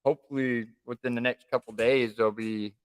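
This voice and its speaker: A man's voice: mid-range voice, fairly even intonation, brisk, smooth. A man co-hosting a casual live stream from home, chatting in an easygoing, rambling way. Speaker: livestream co-host.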